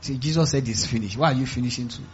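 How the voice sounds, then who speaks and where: A male pastor with a Nigerian accent delivering a sermon in church, emphatic and call-and-response, swinging from quiet asides to loud cries. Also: mid-range voice, rapid-fire, husky, dull audio.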